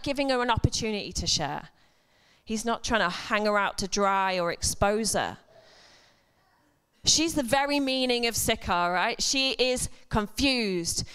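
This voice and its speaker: A woman's voice: on the high side, a bit bright, clear, resonant tone. A woman giving a chatty sermon in church, full of humorous asides and self-deprecating jokes. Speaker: church speaker. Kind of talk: conversational sermon. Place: church service before a congregation.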